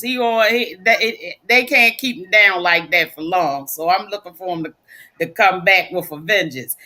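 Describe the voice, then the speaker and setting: A woman co-hosting a sports podcast, giving relaxed, plain-spoken picks. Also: mid-range voice. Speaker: co-host. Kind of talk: casual sports talk.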